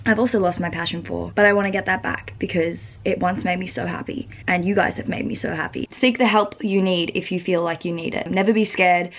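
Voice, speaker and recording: A woman's voice: lowish voice, steady tone, brisk, few pauses, a little hiss or hum. A young woman speaking straight to her camera in an earnest, heartfelt way. She is open with her audience and often scatters "like" through her sentences. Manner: uses many "like" fillers. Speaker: vlogger. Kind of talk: personal vlog talk to camera.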